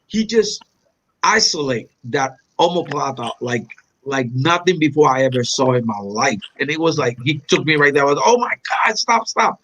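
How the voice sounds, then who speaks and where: A man from Puerto Rico reminiscing in an interview, animated and acting out quoted lines with big pitch jumps. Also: normal speed, poor audio. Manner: animated storyteller, acts out quotes with sharp pitch jumps, non-native phrasing. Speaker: interview guest, black belt.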